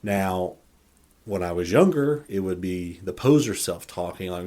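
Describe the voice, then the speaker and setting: A man's voice: deep voice, moderate pace, dark tone. A man hosting a faith podcast, talking earnestly in a rambling monologue with frequent restarts and self-corrections. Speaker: podcast host.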